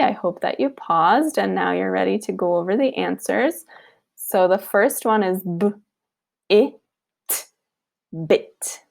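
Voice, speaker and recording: A woman teaching a recorded online lesson, patient and repetitive, sounding out words slowly and checking in with "okay". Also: fairly low pitch, creaky. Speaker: Arabic teacher.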